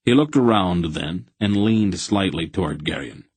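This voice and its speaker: A man reading a fantasy audiobook with steady, measured storytelling. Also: sits low, slightly rough, dry recording. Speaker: audiobook narrator. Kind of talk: scripted fantasy narration.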